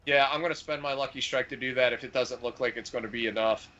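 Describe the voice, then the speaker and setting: A man playing a tabletop war game, talking in a halting way and repeating words while he checks the rules. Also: medium pitch, steady tone, pushed and bright, dull audio, a little hiss or hum. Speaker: player. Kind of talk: tabletop role-play chat.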